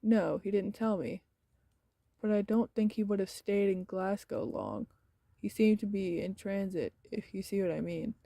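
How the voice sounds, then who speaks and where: A woman voicing a friendly middle-aged male Greek restaurant owner with a Greek accent, speaking softly and easily in a game. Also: mid-range voice, a little slow, vocal fry, no room sound.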